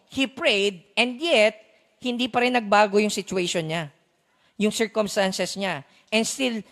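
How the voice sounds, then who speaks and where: A preacher with a Filipino accent delivering a sermon, often pausing to ask the congregation whether they follow, moving between loud emphatic lines and quiet slow ones. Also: medium pitch. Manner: asks the congregation frequent rhetorical check-in questions. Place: church sanctuary. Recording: long church hall reverb.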